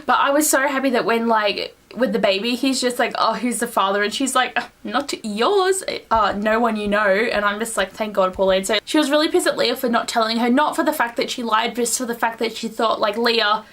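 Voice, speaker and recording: A woman's voice: fairly high pitch, a bit bright. A young woman reviewing a book in a casual vlog, gushing and rambling, with a lot of "like" and acted-out quotes. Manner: gushing, rambling, heavy use of "like", acts out quotes.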